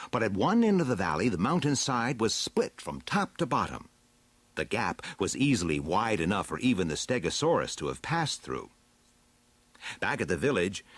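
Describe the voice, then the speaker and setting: A man narrating a children's adventure storybook aloud in an expressive, dramatic way. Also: on the low side, slightly rough, no room sound. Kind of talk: storybook reading.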